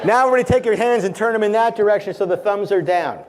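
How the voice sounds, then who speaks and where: Before a small gathering, a man performs a keynote talk with magic, leading audience participation and telling stories playfully. He speaks fast in a high-pitched voice, with a crowd audible in the background.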